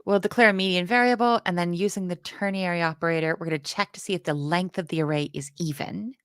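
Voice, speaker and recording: A woman chatting casually through a coding lesson, self-deprecating and quick to laugh. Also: lowish voice, clean tone, dry recording, studio quality. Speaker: co-host learning to code. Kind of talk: casual live coding chat.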